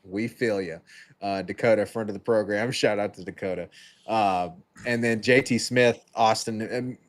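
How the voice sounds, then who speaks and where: A man's voice: lowish voice, steady tone, normal speed. A young man co-hosting a casual sports podcast, laid-back with lots of fillers as he reads out viewer comments. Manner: laid-back, lots of ums and uhs, reading out chat. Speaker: co-host.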